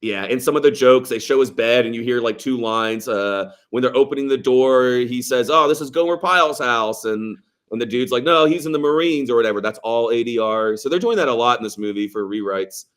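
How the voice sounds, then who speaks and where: A man's voice: medium pitch, brisk. A man co-hosting a casual movie podcast, rambling with lots of fillers, swearing and laughing as he talks. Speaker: podcast co-host.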